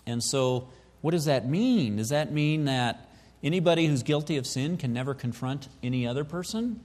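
A man's voice: a little high, moderate pace, a little mellow, long reverb tail. A male pastor preaching, asking questions and thinking aloud with repeats. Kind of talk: sermon.

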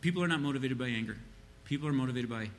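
Racing along in a medium-pitched voice over a little hiss or hum, a man answers a question with an informal, sermon-style church talk on parenting. He rambles with fillers and acts out the parents he quotes.

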